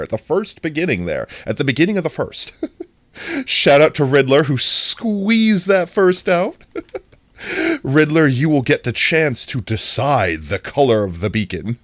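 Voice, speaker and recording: A livestream host chatting casually with viewers, excitable and playful, often breaking into long laughing fits. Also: mid-range voice, dry recording. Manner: excitable, greets chat by name; playful, jokey self-talk. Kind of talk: casual live-stream chat.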